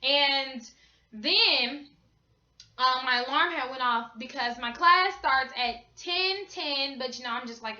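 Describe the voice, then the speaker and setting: Young woman vlogger, high bright voice, chatty slangy storytelling, echoey small room. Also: moderate pace. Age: young adult. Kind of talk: casual storytime. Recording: echoey room, slightly dull sound.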